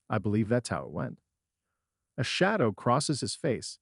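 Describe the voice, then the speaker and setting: A middle-aged man narrating a first-person dramatic story in a measured, storytelling manner. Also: on the low side, huge pitch swings, no room sound, studio quality.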